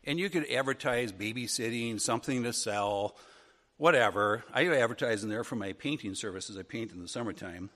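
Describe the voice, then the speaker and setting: A middle-aged man from northern Wisconsin, telling childhood stories in a folksy, animated way as a Sunday school teacher. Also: medium pitch, moderate pace. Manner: folksy, animated, acts out funny voices. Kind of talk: storytelling lesson. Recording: long hall reverb.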